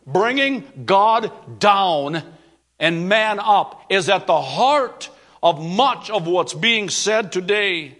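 Guy preaching a sermon, kinda high voice, earnest, hammers his points by repeating them. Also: lively intonation, slow, fairly bright tone. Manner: earnest preaching with emphatic repetition. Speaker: pastor.

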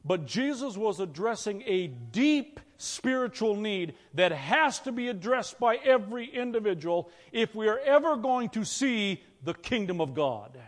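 A pastor delivers a sermon in a relaxed, conversational way, pausing to ask his listeners questions. His voice sits high for a man. The sound carries the long reverb of a large church hall. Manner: conversational preaching, asks the congregation questions.

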